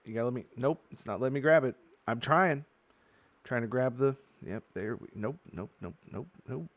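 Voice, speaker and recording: A man's voice: medium pitch, moderate pace, dry recording, lo-fi sound. A man hosting a casual card-opening video, chatting as he goes and reading card text aloud. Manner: chatty, reads card text aloud, gets loudly excited at good pulls. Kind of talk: casual unboxing commentary.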